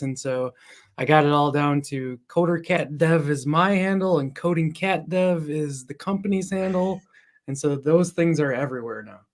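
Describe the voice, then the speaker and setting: Chatty male guest, fairly high voice. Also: a little mellow. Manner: chatty, storytelling. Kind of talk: casual interview chat.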